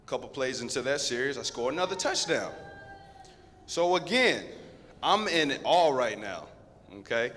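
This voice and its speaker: A man in his thirties, a guest speaker at a school, telling a lively story straight to the students. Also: medium pitch. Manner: lively, conversational, addresses the crowd directly. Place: school assembly hall. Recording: long echo of a big hall.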